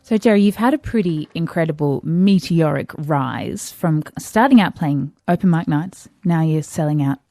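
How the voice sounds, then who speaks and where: A woman's voice: sits low, moderate pace, hardly any pauses, warm tone, no room sound. A woman, interviewing a musician in a friendly, laughing way. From Australia. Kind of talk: casual interview.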